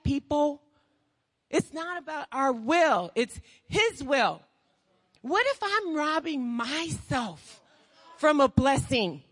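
A woman preaching a sermon with passion, firing rhetorical questions and swinging from hushed tones to shouting. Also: high voice, very animated, slow pace, big-room sound.

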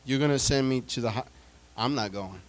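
A pastor with a mid-range voice preaches a brisk sermon, telling stories. He swings dramatically from loud declarations to hushed asides and speaks humorously and directly to his congregation.

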